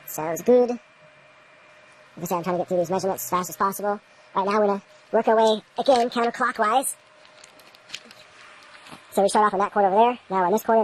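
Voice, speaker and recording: A woman's voice: mid-range voice, darkish tone, slight background noise, rough recording. A woman in a casual instructional vlog, rambling to the camera while she works in an indoor grow room and muttering at her equipment. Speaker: home grower demonstrating light readings.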